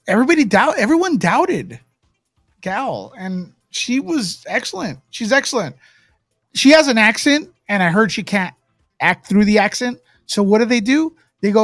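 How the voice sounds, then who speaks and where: A man in his fifties hosting a casual livestream chat, animated and opinionated, often acting out quotes. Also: high voice, moderate pace, no room sound, faint music behind. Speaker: host.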